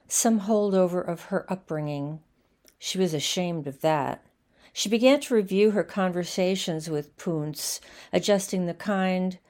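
Woman reading a story, lowish voice. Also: a little mellow. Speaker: narrator. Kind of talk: scripted narration.

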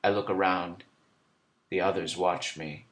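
Low-voiced man reading a literary story. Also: fairly even intonation, unhurried, a bit bright. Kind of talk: literary first-person narration.

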